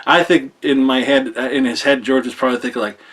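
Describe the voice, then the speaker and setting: A man's voice: medium pitch, steady tone, fast, a bit bright. A man giving a casual, rambling spoken film review, full of fillers, restarts and the odd swear word. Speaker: movie reviewer.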